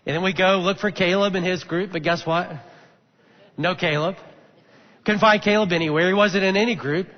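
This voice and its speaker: A man's voice: high-pitched, steady tone, moderate pace. A middle-aged man, a senior pastor, telling a story in a sermon in a conversational way and acting out the voices he quotes. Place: church auditorium. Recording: muffled recording in a large echoing hall.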